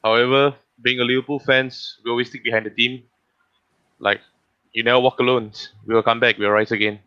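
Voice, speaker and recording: A man's voice: medium pitch, flat delivery, fairly quick, clean tone. A man giving an earnest, rallying word in a casual fan chat. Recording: dull lo-fi sound.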